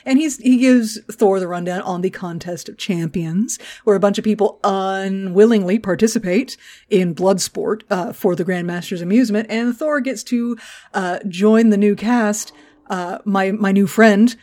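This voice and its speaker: Here a podcast co-host with a medium-pitched, somewhat mellow voice speaks at a normal speed. She chats casually through a movie recap, cracking jokes, cursing without restraint and performing the characters' parts along the way.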